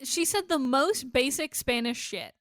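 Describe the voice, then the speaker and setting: High, lively woman with blunt, profane banter. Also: measured pace. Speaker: podcast co-host. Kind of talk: casual podcast chat.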